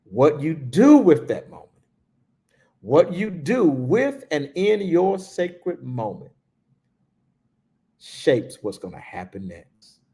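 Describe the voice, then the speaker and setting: A male spiritual teacher speaking in an unhurried, gravelly voice. He gives a reflective livestreamed talk and lets his words fall to a hush on the key phrases. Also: medium pitch. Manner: slow, reflective, with hushed pauses.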